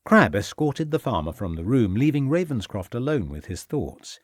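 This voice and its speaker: A man reading a crime audiobook in measured scripted narration. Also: medium pitch, sing-song, dry recording, studio quality.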